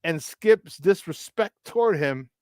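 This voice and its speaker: A man's voice: a little high, lively intonation, a little slow, dry recording, studio quality. A man hosting a morning sports talk show, talking casually and emphatically, repeating his points for weight. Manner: repetitive, emphatic, preachy asides.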